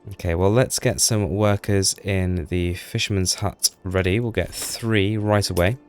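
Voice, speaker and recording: A deep-voiced man gives casual commentary over his own gameplay, chatty and self-deprecating. He talks to the little people on screen as he goes, with faint music underneath. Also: fairly even intonation, unhurried, darkish tone, clean tone.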